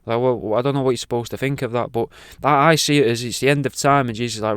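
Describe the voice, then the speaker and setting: A man hosts a radio show in a rambling, irreverent monologue full of swearing. His voice is smooth and resonant. It sits close and dry, with no room sound around it. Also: medium pitch, fairly even intonation, quick pace, hardly any pauses, no room sound.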